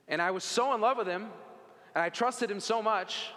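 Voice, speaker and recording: A man's voice: sits high, moderate pace, bright, forceful tone. Earnest man telling his story in a hall. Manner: earnest, conversational storytelling with casual asides. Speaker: speaker giving a faith testimony. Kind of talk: personal testimony talk to an audience.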